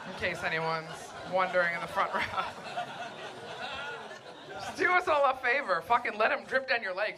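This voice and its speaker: A young woman performing a crude, brash stand-up set on a comedy club stage, with deadpan delivery, mocking voices and audience laughter behind her. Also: mid-range voice, noisy background.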